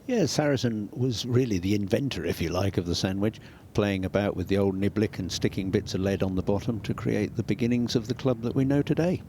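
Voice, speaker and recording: A man giving relaxed, easygoing analysis as a golf co-commentator. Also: lowish voice, brisk, few pauses. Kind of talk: broadcast sports commentary. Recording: noisy commentary feed.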